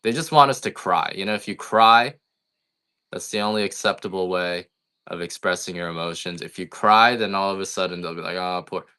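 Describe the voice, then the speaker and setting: A man's voice: low-pitched, a little fast, sharp tone, clean tone. A middle-aged man who sells coffee on a livestream, chatting in a blunt, rambling, complaining way. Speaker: coffee farmer selling on a livestream. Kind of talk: casual livestream chat.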